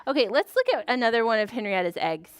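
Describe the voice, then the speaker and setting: A woman librarian leading a preschool story time, animated and sing-song, gasping in surprise as she talks to small children. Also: on the high side, fast, clean tone.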